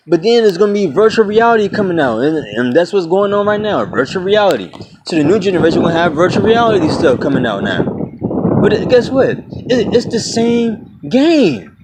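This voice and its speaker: Heavy background noise surrounds this twenty-something vlogger, whose voice is on the high side as he bluntly rants at his viewers, cursing freely and calling them "y'all" and "man."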